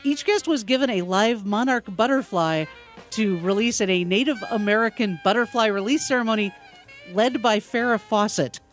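A woman in casual podcast chat, relaxed and sharing facts with hesitant fillers. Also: medium pitch, normal speed, soft background music.

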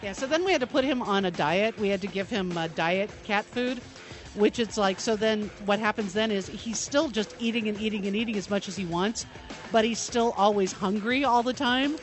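A woman's voice: medium pitch, normal speed, faint music behind. A woman co-hosting a radio show, chatting casually and telling amused stories. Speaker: radio co-host and news reader.

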